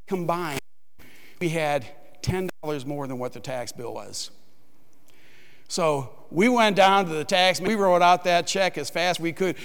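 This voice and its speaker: A man with a high voice preaching a sermon in a big hall with a long echo. He tells a personal story with humour and jumps into a shrill, panicked voice whenever he quotes himself. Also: clean tone. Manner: animated, acts out his own panicked voice in quotes. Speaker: pastor.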